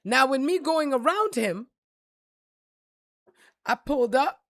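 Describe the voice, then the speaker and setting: A woman's voice: high voice, animated, slow pace, no echo, clean studio sound. A woman vlogger telling a story in a blunt, profane, preachy rant. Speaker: spiritual reader and vlogger.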